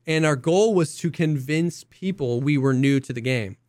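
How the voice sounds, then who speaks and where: Young guy on a podcast mic, super animated storyteller, smooth clear voice, dry close sound. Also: moderate pace, no echo. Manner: excitable storyteller, acts out quotes in high voices. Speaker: podcast co-host. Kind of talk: casual chat.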